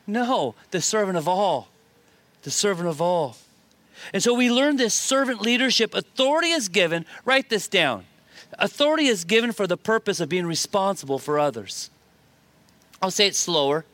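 Man, pastor, sermon, high bright voice, dry close sound, emphatic repetition. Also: normal speed, long pauses, dry recording. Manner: animated preaching with shifts of emphasis and repetition.

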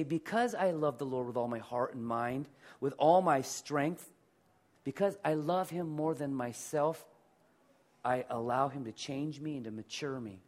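A middle-aged male pastor preaching a sermon in a conversational way, asking the congregation to repeat words after him. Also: on the high side.

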